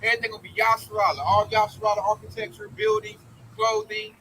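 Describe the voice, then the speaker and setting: A man preaches an informal sermon in a fervent, emphatic, slang-filled way. His voice sits very high and rings bright and sharp. Faint vehicle noise hums behind him. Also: level tone, quick pace, low-quality recording. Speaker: street preacher.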